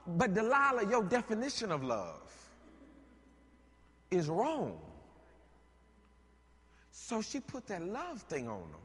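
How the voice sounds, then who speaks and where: A man preaching a sermon, animated and joking, rising to shouts at times. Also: sits high, measured pace, long pauses, husky, big-room sound.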